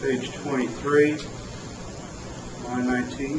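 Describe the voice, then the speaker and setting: A man's voice: fairly high pitch, lively intonation, a little slow, long pauses. A man cross-examining a witness in a courtroom, asking pointed, pressing questions. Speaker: defense attorney. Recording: echoey courtroom audio from far off, with noise.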